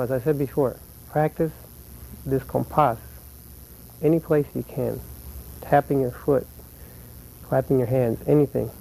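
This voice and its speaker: A man's voice: mid-range voice, creaky, warm tone, a little hiss or hum, low-quality recording. Patient man teaching flamenco guitar. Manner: patient, counts beats aloud slowly. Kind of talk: instructional lesson.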